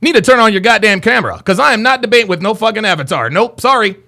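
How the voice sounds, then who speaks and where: Quick and animated, his high, bright voice comes out forceful as a young man hosting a livestream. He unleashes a heated rant at chat, brash, taunting, and repetitive.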